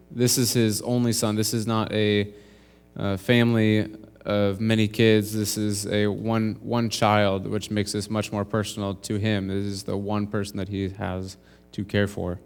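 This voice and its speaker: A man's voice: fairly low pitch, flat delivery, unhurried, smooth. A young man preaching a sermon, reading scripture aloud and earnestly explaining the verses one step at a time. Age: young adult. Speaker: intern preacher. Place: church.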